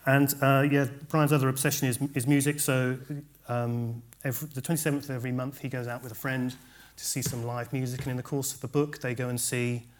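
Man, poet at a live reading, halting comic delivery, faint hiss behind. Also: mid-range voice, flat delivery. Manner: hesitant, many ums and restarts between poems. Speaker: poet reading his work. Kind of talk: live poetry reading with asides.

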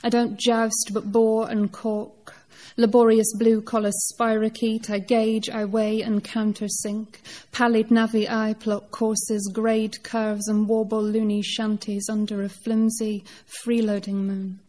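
Woman reading as a tired old unicorn guy, slow and steady, flat mellow voice. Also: fairly high pitch, lightly acted. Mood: weary, wry. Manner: measured poetry recitation. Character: old male unicorn, weary labourer, gruff. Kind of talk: performed poetry reading.

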